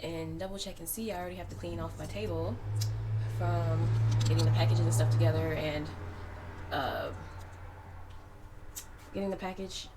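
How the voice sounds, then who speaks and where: A woman chats casually to camera for her vlog, rambling and often circling back to restart her sentences. Her voice sits fairly low for a woman. A steady noise hums behind her throughout. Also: moderate pace, long pauses. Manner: rambling and chatty, with frequent restarts. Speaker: vlogger and seamstress.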